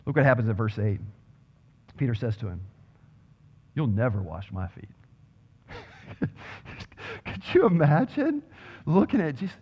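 A man preaching a sermon to a congregation, animated and joking, acting out quoted voices and dropping to quiet, reverent passages. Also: medium pitch, moderate pace, long pauses. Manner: animated, swings between loud emphasis and quiet reverent passages; acts out quoted voices with humor. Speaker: pastor. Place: church sanctuary with congregation. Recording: dull, reverberant hall sound.

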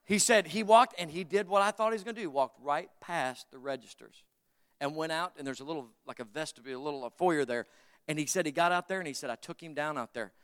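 A man's voice: fairly high pitch, quick pace, a bit bright, smooth, in a large hall. A middle-aged man preaching a sermon, joking and telling stories to his congregation in a folksy way. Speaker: pastor.

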